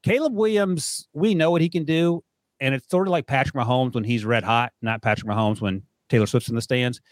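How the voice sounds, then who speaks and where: A man's voice: mid-range voice, fairly quick, dry recording, clean studio sound. A man hosting a football podcast, joking with his co-host and plugging the show in a casual chat. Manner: upbeat, joking, plugs the show.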